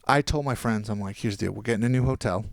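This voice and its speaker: A man, a podcast guest, telling a long anecdote in casual chat and quoting people in quick voices. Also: lowish voice, gravelly.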